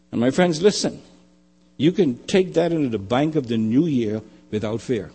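A man preaching a sermon, emphatic and repetitive, often dropping to a quiet low. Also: animated, moderate pace, slightly rough. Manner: emphatic, repeating phrases, dropping to quiet lows.

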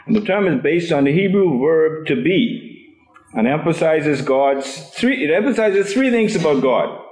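A man's voice: fairly high pitch, expressive, unhurried, darkish tone, reverberant, rough recording. A man leading a Bible study class, asking the group questions and often repeating his words.

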